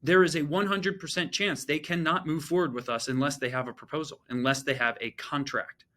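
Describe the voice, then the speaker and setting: As a coach giving a sales training talk, a man speaks emphatically and punchily in a voice on the high side, steady, bright, forceful, and a little fast. He often checks in with "right?" and "okay?" and acts out short sales lines while teaching.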